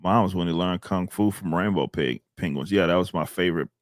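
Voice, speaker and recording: A man with a low voice hosts a casual podcast, speaking a little fast in clean, echo-free studio sound. Laid-back and chatty, he reads out donations and thanks his supporters.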